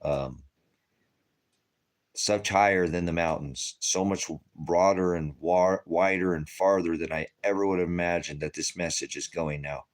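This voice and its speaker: A man's voice: sits low, measured pace. An older man giving an emotional, rambling spiritual testimony, laughing and tearing up as he preaches. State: tearful.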